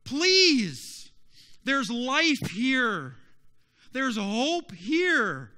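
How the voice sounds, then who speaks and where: A man's voice: extremely high pitch, sing-song, very slow, sharp tone, clean tone, pitched above the performer's own voice, exaggerated voice. A man preaching, voicing a chorus of rescued vine branches that beg with urgent, impassioned pleas in a raised voice. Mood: pleading.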